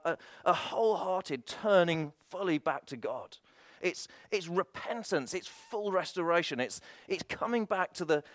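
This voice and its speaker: A man's voice: a little high, fairly bright tone, no echo, clean studio sound. Impassioned man preaching a sermon. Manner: impassioned, repetitive cadence with frequent restarts.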